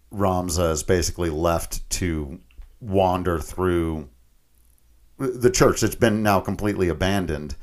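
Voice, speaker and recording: A man co-hosting a podcast, casually retelling a video game story with frequent laughs and mock voices. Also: low voice. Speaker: podcast co-host.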